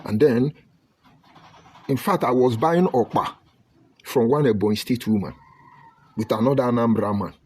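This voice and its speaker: A Nigerian man from Delta State giving an impassioned online broadcast, preaching emphatically and swinging between loud outbursts and low murmurs. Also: normal speed, long pauses, slightly rough. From Nigeria (Delta State, Ika). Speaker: online commentator.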